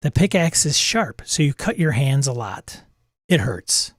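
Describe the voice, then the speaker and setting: A man's voice: medium pitch, sing-song, measured pace, no echo, clean studio sound. A man hosting a tabletop game channel, narrating the game casually with wry, mumbled asides. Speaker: host.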